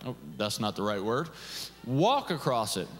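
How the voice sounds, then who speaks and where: A man's voice: mid-range voice, very animated, measured pace. A male pastor giving a conversational, jokey sermon full of rhetorical questions, in a church. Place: church sanctuary. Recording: long church reverb.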